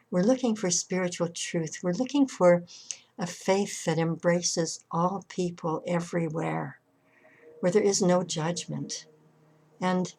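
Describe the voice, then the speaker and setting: A woman's voice: fairly low pitch, a little mellow. A middle-aged woman minister preaching an online sermon in a conversational way, often restarting and repeating words. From Canada. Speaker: senior minister.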